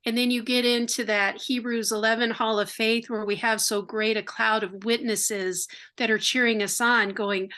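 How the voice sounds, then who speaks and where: An older American woman sharing her faith testimony as an interview guest, earnest and heartfelt, sometimes rushing through words. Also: on the high side, steady tone, pushed and bright. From United States. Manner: earnest and heartfelt, quick bursts.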